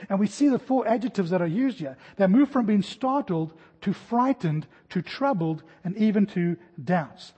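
A man in his forties preaching an expository sermon, animated, acting out the jumps and shouts of his stories. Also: sits high, husky, in a large hall. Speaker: pastor.

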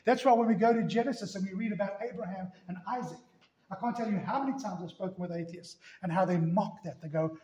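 A man's voice: sits high, quick pace, warm tone, reverberant, rough recording. A man preaching a sermon with emphasis, firing off rhetorical questions at the congregation. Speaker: pastor.

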